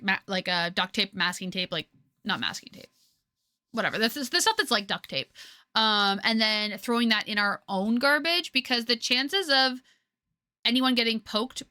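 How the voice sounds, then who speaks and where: A woman's voice: on the high side, pushed and bright, dry recording, studio quality. A young woman from Canada, a streamer chatting casually with viewers, rambling with lots of fillers and restarts, on a headset mic.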